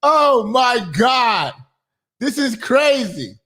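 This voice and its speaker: A man hosting a reaction commentary show, loud and crude, laughing and breaking into shouts. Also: extremely high pitch, big pitch swings, very slow. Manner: crude, mocking banter. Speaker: host.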